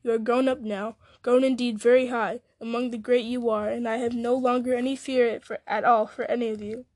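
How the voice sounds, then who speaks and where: Old male wizard as a woman reads him, solemn, measured, fairly high voice, dry sound. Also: level tone, a little mellow, no echo, close to an everyday voice. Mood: grave.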